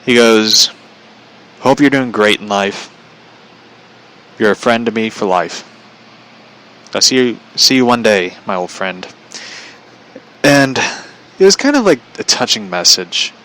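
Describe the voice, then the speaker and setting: A man's voice: lowish voice, expressive, unhurried, pauses often, pushed and bright, rough recording. A man casually telling a personal story, chatty, relaying a conversation line by line and laughing often.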